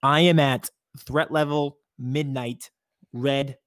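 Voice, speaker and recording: A man co-hosting a casual sports podcast, talking in an animated, emphatic way. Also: medium pitch, slow pace, no room sound, clean studio sound. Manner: animated, emphatic, catchphrase-prone. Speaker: podcast co-host.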